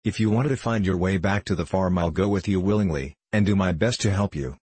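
A man's voice: deep voice, fairly quick, a little mellow, slightly rough, no echo. A man voicing a friendly, shaggy wandering man who talks reassuringly, in an audiobook reading.

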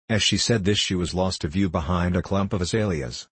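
Low, husky male narrator. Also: no echo. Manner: measured, even storytelling. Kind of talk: scripted audiobook narration.

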